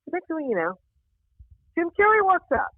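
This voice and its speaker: A woman comedian tells a story in loose, casual chat. Her voice sits high and jumps up further when she acts out other people. The sound is tinny and phone-like, and very dry. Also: big pitch swings, moderate pace, no room sound. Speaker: stand-up comedian guest.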